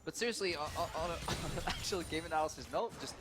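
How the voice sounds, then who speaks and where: A man giving laughing, animated analysis of a video game match. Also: fairly high pitch, quick pace, heavy background noise. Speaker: esports analyst. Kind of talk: color commentary.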